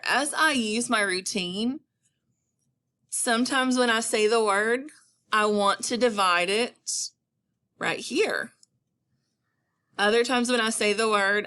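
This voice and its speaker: A woman teacher giving a patient phonics lesson, stretching words out slowly for her students. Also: mid-range voice, pushed and bright.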